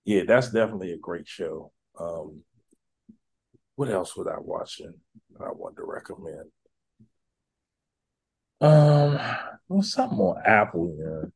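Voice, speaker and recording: A man hosting a casual podcast chat, relaxed and easygoing, with plenty of filler words. His voice sits a little low. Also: measured pace, gravelly, pauses often, slightly rough. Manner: laid-back, leans on filler words. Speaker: podcast host.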